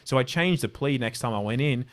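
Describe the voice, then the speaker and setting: A man's voice: mid-range voice, expressive, brisk. Australian man telling rambling stories. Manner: rambling anecdotes with many restarts. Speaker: interview guest. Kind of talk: casual storytelling.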